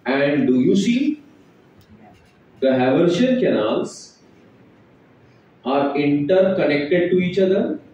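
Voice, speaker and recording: A man's voice: a little high, lively intonation, slow pace, pauses often, darkish tone, distant mic, lo-fi sound, a little hiss or hum. A male biology teacher with an Indian accent, lecturing a class and firing questions at the students. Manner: quizzes students, mixes English, Hindi and Marathi. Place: large echoey classroom. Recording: echoey room, voice off-mic.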